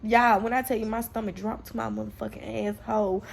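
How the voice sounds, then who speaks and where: A young woman vlogger telling a personal story to camera in a candid, profane, animated way, acting out the lines she quotes. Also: fairly high pitch, fairly quick, gravelly, few pauses, slightly rough.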